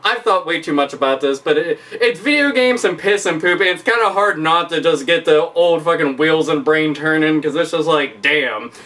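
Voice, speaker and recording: A man's voice: on the high side, moderate pace, few pauses, a bit bright, distant mic. A man ranting in a profane, rambling comedic commentary, laughing often. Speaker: vlogger.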